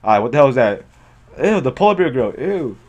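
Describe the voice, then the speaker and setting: A man reacting out loud to an anime episode in loose, casual commentary. He is excitable and slangy, swears freely and keeps breaking into exclamations, in a voice of medium pitch. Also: brisk, dull audio. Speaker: anime reaction video host.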